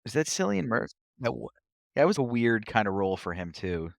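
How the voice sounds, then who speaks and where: A man hosting a podcast in loose, joking chat, animated and quick to drop into silly impressions. His voice sits at a middle pitch, recorded dry and close with no room sound. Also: creaky, dry recording. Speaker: podcast host. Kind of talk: casual chat.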